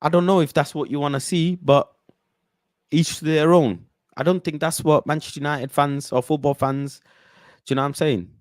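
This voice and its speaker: Animated football fan host. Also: male voice, on the high side, moderate pace, no room sound. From United Kingdom. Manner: animated, slangy, bursts into chants and impressions. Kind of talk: casual football chat.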